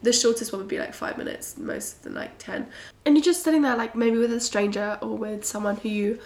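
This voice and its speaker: A young British woman hosting a casual solo podcast, bubbly and chatty with frequent giggles, her voice a little croaky and husky. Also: fairly high pitch, fairly quick, darkish tone. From Britain. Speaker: podcast host. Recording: roomy echo.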